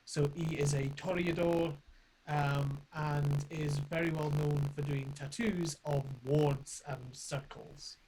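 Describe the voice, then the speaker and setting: A man taking part as a player in a tabletop game, describing his character in a matter-of-fact, measured way. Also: on the high side, level tone. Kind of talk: casual chat. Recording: noisy line with clicks.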